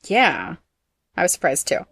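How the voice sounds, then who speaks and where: A fairly low-pitched woman hosts a trivia podcast. She reads out facts briskly and teases her co-host between them. The sound is dry and close to the mic. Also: wildly swooping pitch, a bit bright, husky, dry recording. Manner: brisk and teasing, reads facts aloud, laughs often. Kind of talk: casual trivia chat, reading facts.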